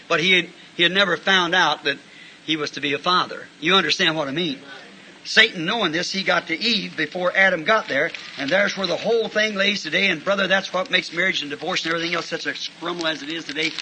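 A man preaching a sermon, telling folksy stories and breaking into shouts of praise. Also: sits high, a little hiss or hum, rough recording. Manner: folksy, animated, bursts into shouting. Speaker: pastor. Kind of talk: sermon with storytelling.

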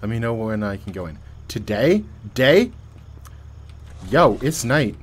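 A man giving casual, joking commentary while playing a horror game. He reads on-screen text aloud and swings between quiet muttering and loud yelps. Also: mid-range voice, very animated, a little slow. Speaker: let's play gamer.

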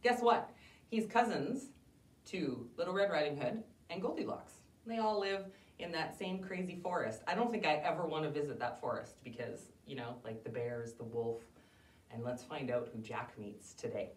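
A woman hosting an online library storytime for young children, cheerful and animated, greeting the kids and leading rhymes. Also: sits low, normal speed. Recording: roomy echo, distant mic.

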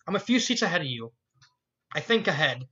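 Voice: medium pitch, very animated, sharp tone, dull audio. A reader doing a hesitant bookish young mare. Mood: unsure. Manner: hesitant, halting, trails off. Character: bookish, anxious young mare, trapped and hurting.

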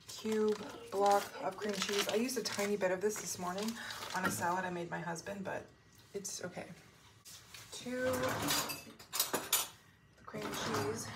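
A young adult woman chatting enthusiastically to viewers as she walks through a home baking recipe in her kitchen. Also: medium pitch. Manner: chatty, enthusiastic, talks to viewers while working. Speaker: home cooking vlogger. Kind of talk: casual cooking tutorial. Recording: kitchen clatter and appliance noise.

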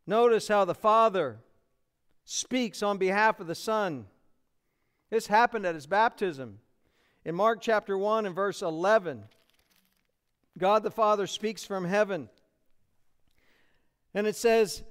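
A man's voice: high-pitched, slow, long pauses, fairly bright tone, clear, resonant tone. A man with an American accent, a pastor preaching an expository sermon and acting out the quotes he reads.

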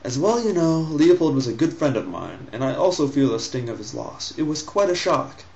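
A man's voice: on the high side, big pitch swings, moderate pace, vocal fry, a little mellow, dull audio, voice pushed up. A man voicing an earnest young man who pleads with his mother for a lost friend, read aloud from a story.

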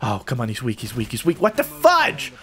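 A man giving excitable live gameplay commentary, joking and trash-talking opponents as he plays. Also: mid-range voice, brisk. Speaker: gaming channel host.

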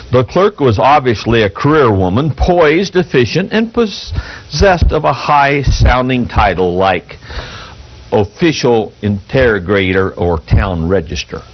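A man preaching from the pulpit, his husky voice rising and falling in lively swings as he tells a story to the congregation. He talks in a folksy, halting way and reads an article aloud. The recording is dull and lo-fi. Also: mid-range voice. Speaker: pastor. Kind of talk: sermon. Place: church pulpit.

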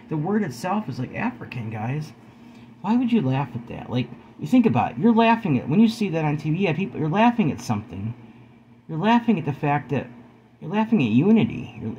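A fairly high-voiced man in his forties speaks to his viewers from home. His pitch rises and falls a lot as he preaches earnestly and keeps calling them guys. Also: darkish tone, slight background noise, low-quality recording. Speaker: video host. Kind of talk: earnest spoken vlog talk.

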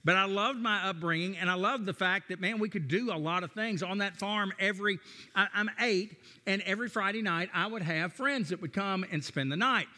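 A man's voice: high-pitched, fairly quick, sharp tone, big-room sound. A man in his sixties with a Tennessee and Texas Southern accent, preaching a sermon as a guest pastor and telling stories with folksy, self-deprecating humor. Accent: Tennessee and Texan Southern American. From Nashville, Tennessee, USA. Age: 60s.

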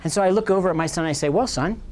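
A man's voice: high voice, steady tone, racing, darkish tone. A man in his fifties, a professor telling a bawdy, self-mocking comic story to a lecture hall.

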